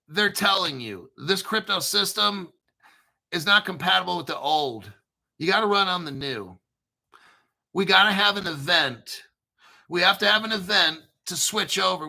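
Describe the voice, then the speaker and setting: A man hosting a crypto video show, talking in an excitable, rambling, profane way. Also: sits high, creaky, rough recording. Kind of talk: casual profane commentary.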